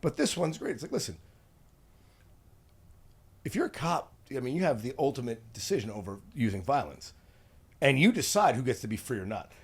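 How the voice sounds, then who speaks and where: A man's voice: medium pitch, big pitch swings, a little fast, pauses often, breathy edge. A man hosting a podcast in casual, crude chat, swearing often. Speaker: podcast host.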